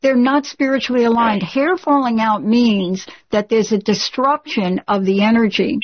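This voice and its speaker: A woman's voice: fairly high pitch, moderate pace, lo-fi sound. A woman hosting a call-in radio show, speaking in a direct, earnest and emphatic way to a caller.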